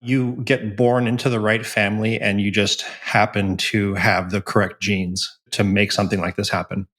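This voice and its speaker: A man's voice: on the low side, level tone, normal speed, a bit bright. A man chatting as a guest on a podcast, easygoing with self-deprecating humor, over a remote call. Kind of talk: casual podcast chat.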